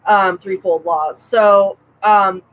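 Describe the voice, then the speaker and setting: A woman co-hosting a casual podcast chat, talking in an animated, rambling way with frequent restarts. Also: mid-range voice, slow pace, rough recording. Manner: chatty, animated, self-interrupting with restarts. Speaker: podcast co-host.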